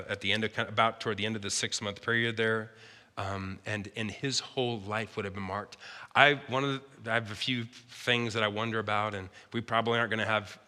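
A man's voice: fairly low pitch, pushed and bright. A man preaching a sermon in a conversational style, acting out the people in his story. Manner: conversational preaching, acts out characters. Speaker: pastor. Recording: long hall reverb.

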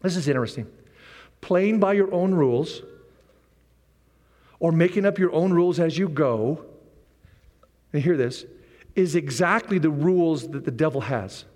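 A man preaching a sermon as pastor, animated, with repeated rallying phrases and joking asides. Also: on the high side, a little slow, pauses often. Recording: long reverb of a large hall.

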